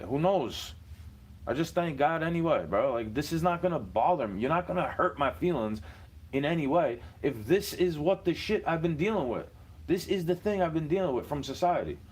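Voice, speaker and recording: A man's voice: medium pitch, breathy edge. A man, rambling in a profane casual monologue full of street slang.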